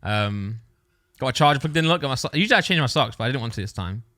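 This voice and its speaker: A man's voice: mid-range voice, lively intonation, fast, bright, forceful tone, dry recording, clean studio sound. A young man telling a rambling story on a podcast, often breaking off and laughing as he goes. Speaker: podcast co-host. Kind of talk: casual storytelling chat.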